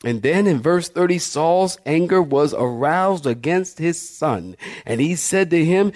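Pastor who reads scripture and adds folksy asides; man, slightly high voice. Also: expressive, measured pace, a little mellow. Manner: reads verses, then breaks off for folksy asides. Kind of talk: sermon, reading scripture aloud.

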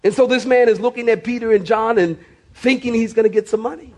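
A middle-aged man preaching a sermon as pastor, swinging from loud to hushed and repeating phrases for emphasis. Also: very high-pitched, steady tone, quick pace.

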